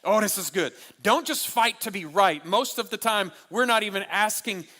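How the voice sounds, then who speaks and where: A man preaching at a marriage conference, animated and humorous, repeating his key lines for the crowd. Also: high-pitched, normal speed. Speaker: pastor. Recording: long hall reverb.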